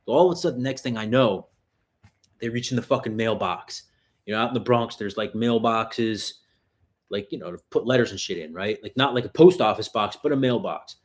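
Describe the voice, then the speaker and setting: Speaking briskly with a fairly low pitch, a man hosts a self-defense livestream. His casual, swear-heavy chat wanders through stories of street fights.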